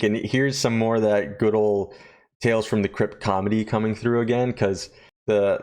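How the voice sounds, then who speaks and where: A man's voice: fairly low pitch, darkish tone. A man casually recapping a TV episode in a rambling, joking, profane way. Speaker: host of a horror-show review channel.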